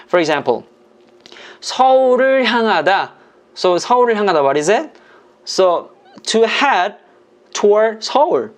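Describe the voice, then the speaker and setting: A native Korean speaker teaching the language in English, explaining patiently and checking understanding with frequent questions. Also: medium pitch. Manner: speaks Korean phrases quickly and clearly, English slowly. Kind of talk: online language lesson.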